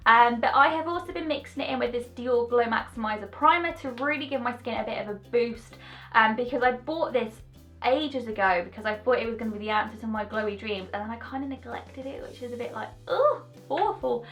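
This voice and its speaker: A young woman with a fairly high voice rambles cheerfully through a casual beauty review. Her delivery is bubbly and easily sidetracked. Faint music plays quietly in the background. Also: a little fast. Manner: chatty, bubbly, goes off on tangents. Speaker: beauty vlogger. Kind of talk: casual product review chat.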